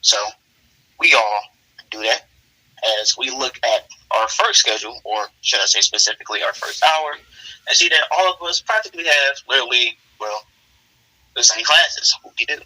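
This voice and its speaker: A man's voice: medium pitch, normal speed, bright, forceful tone, poor audio. A man casually narrating an improvised role-play story, rambling with lots of fillers.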